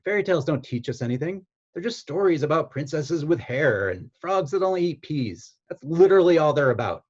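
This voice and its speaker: Brief: bratty dismissive kid, read by a man, higher voice, scornful. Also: expressive, fairly quick, muffled recording. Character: brash candy-crazed boy, dismissive.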